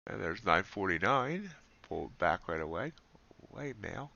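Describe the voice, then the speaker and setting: A man's voice: sits low, big pitch swings, moderate pace, creaky, bright, forceful tone, dry recording, lo-fi sound. A man live-streaming his futures trades, thinking aloud in a muttered running commentary with dry asides. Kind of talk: thinking aloud while trading.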